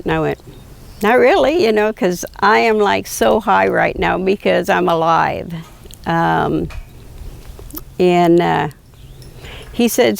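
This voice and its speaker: An older woman slowly recounting a personal story, quoting others with frequent hesitations and fillers. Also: medium pitch, gravelly, darkish tone. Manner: slow, reflective, quoting dialogue with hesitations. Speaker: patient telling her story.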